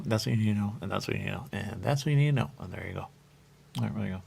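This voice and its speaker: A man hosting a radio show, talking in a rambling monologue that keeps repeating the same catchphrases and jumps suddenly up in pitch. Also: very fast, gravelly, a little mellow, breathy edge.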